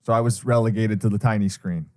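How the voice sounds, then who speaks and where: A man's voice: on the low side, fairly even intonation, quick pace, a little mellow. A man co-hosting a sports betting podcast, teasing his partner, laughing often and walking through his picks in an orderly way. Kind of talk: casual sports betting chat.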